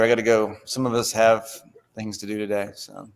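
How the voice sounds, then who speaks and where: A man's voice: lowish voice, level tone, moderate pace, clean tone. A man co-hosting a casual live-stream chat, telling blunt anecdotes with quoted back-and-forth. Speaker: co-host.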